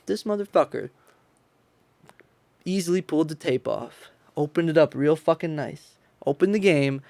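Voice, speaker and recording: A man's voice: on the high side, normal speed, vocal fry, a little mellow, dry recording. A young man co-hosting a podcast, telling a rambling, profane story and laughing as he goes. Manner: profane, laughs a lot while telling stories. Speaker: podcast co-host. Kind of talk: casual storytelling.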